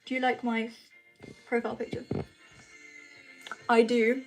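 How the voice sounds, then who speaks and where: A woman's voice: a little high, little pitch movement, a little slow, long pauses, soft background music, low-quality recording. A British woman chatting casually on a live stream, reading out viewer comments and answering them in a chatty, apologetic way. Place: home, at night.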